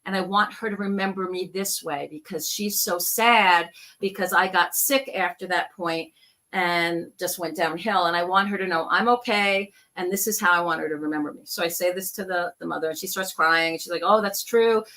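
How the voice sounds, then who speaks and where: A woman speaks in a bright, forceful voice as she tells her stories. She acts out the people in them as she goes, in a casual, chatty way. She sounds like a guest on a video call. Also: fairly low pitch, fairly even intonation, moderate pace. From New York. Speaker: guest, psychic medium. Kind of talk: casual storytelling interview.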